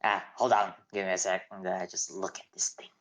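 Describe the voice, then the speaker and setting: A woman's voice: rumbling low, level tone, fast talker. A woman player in a tabletop game, chatting bluntly and offhand, swearing casually. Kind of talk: casual chat.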